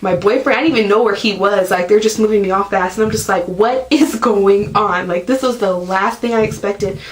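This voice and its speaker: A woman's voice: medium pitch, fast, poor audio. A young woman vlogging, telling a story casually to the camera, filling it with "like" and acting out what people said. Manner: chatty, heavy use of "like", acts out quotes.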